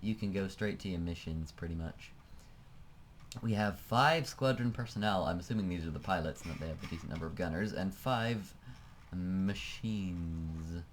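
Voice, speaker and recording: A man with a fairly low voice talks casually through a flight-sim game, musing aloud and letting sentences trail off. He sounds like a desk-mic home recording with a faint hum behind him. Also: moderate pace. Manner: chatty, thinking aloud, trailing off. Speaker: let's play host. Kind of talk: casual gameplay commentary.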